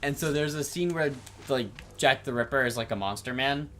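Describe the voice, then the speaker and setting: A man's voice: medium pitch, moderate pace, fairly bright tone, slight background noise. A man co-hosting a casual gaming chat, telling a story in a rambling way with swearing and laughter. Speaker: co-host of a gameplay commentary show.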